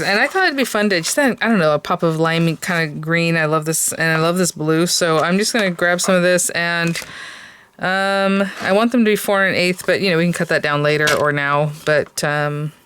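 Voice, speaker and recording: Lower-voiced woman chatting through a craft tutorial. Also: normal speed, fairly bright tone, a little hiss or hum. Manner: chatty, thinks aloud with hesitant fillers.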